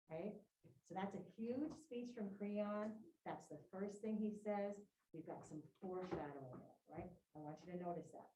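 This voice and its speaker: A woman teacher reading a play aloud to her class and breaking in with casual, animated asides to her students. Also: mid-range voice, normal speed. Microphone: distant room mic. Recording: roomy, distant classroom recording.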